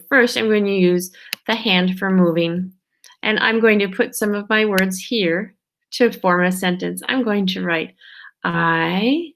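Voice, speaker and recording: A kindergarten teacher, a woman, giving a slow, patient phonics lesson, stretching out sounds and checking in with young children. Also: medium pitch, a little hiss or hum. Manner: stretches out sounds and words slowly, checks in with "okay?".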